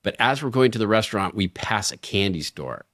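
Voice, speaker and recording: A middle-aged man co-hosting a podcast, telling a story in a lively way and acting out the quoted voices. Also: lowish voice, a little fast, dry recording, studio quality. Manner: animated storyteller, acts out quoted lines. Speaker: podcast co-host. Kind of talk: casual storytelling chat.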